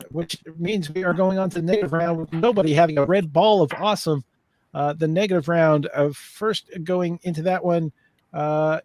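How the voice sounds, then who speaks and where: High-pitched guy hosting a comedy game show, rambly and chatty, dry close mic. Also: dry recording. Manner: loose and chatty, many fillers and restarts. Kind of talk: casual live-stream game show hosting.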